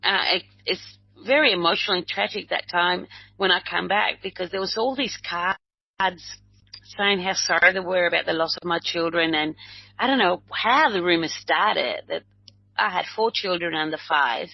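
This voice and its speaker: This is an older woman from Uruguay, a medium and healer, telling her story in a rambling, restarting way. Her voice is fairly low, with a gravelly, husky edge. The recording is dry and dull, with a lo-fi sound. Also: normal speed, no echo. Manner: rambling, acts out quoted dialogue, many restarts. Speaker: medium and healer, interview guest. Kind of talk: personal storytelling.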